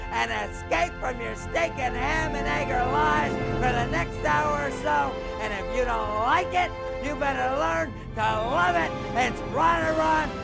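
A gravelly, whooping wrestler pitchman. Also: exaggerated voice. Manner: flamboyant, bellowing huckster patter with whooping cries. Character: brash boastful male pro wrestler hyping a tape.

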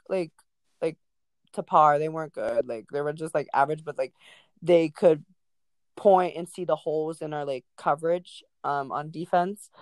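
Brief: teen girl co-host, bubbly, casual swearing, drawn-out fillers, dry mic. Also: sits low, dry recording. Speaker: podcast co-host. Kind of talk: casual chat.

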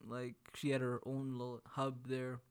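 A man's voice: medium pitch, completely flat delivery, unhurried, smooth. A man in casual chat, laid-back and slangy, laughing as he retells stories.

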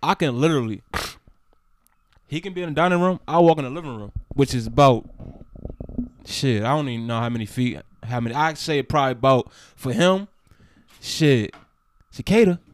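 A man's voice: moderate pace, long pauses. Laid-back young man, rambling chat. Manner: laid-back, rambling, drops to a low mutter. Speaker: podcast co-host. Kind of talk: casual chat.

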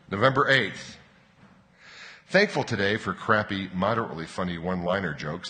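A man preaching a sermon. He tells wry jokes, then reads scripture slowly like a bedtime story. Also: fairly low pitch, bright, forceful tone. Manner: wry joking, then slow storybook reading. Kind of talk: sermon with humorous readings. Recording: reverberant hall.

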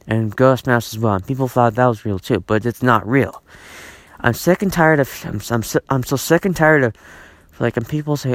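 Male solo podcaster at home, mid pitch, dry close mic, rambling and repetitive. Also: normal speed, dry recording. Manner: repetitive and exasperated, many restarts and fillers. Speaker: podcast host.

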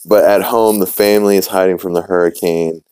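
A young man from New Orleans hosts a podcast and rambles through a recap of a cartoon episode, full of fillers and quotes he acts out. His voice is low and mellow with a smooth, clear tone. It is recorded dry and close, with no room sound. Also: fairly even intonation, fairly quick, no room sound, poor audio. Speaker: podcast host.

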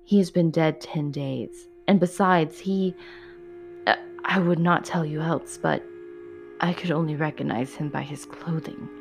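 A woman's voice: low-pitched, sing-song, measured pace, few pauses, dark tone, a little hiss or hum. A woman voicing a frightened old father who speaks unsteadily and stammers. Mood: alarmed. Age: older.

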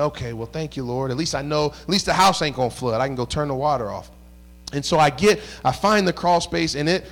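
A man preaching in a church, his voice pitched high for a man. He tells a long personal story in a lively, conversational way, slipping into the voices of the people in it. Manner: animated, conversational, acts out dialogue. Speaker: pastor. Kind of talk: storytelling sermon. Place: church sanctuary.

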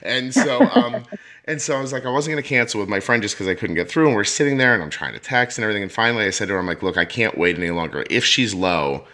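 A man's voice: mid-range voice, lively intonation, very fast, bright, forceful tone. A middle-aged man hosting a podcast, telling a story in a casual chat and acting out the voices of the people he quotes. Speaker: podcast host.

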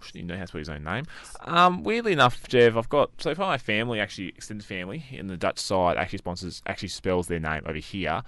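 Fast-talking low-voiced Australian radio guy. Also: sing-song, pushed and bright, no echo. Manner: easygoing, laughs along. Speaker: radio presenter, co-host. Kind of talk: casual radio banter.

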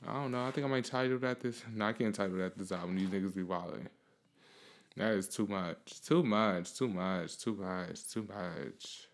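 Young male podcast host, lower-pitched, casual and foul-mouthed, rambling and animated. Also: moderate pace. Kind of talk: casual storytelling.

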